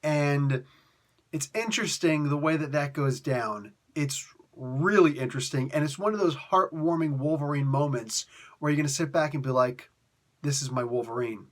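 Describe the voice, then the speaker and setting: A man's voice: a little high, moderate pace. A man giving a casual, rambling comic book review, full of fillers, restarts and exasperated asides.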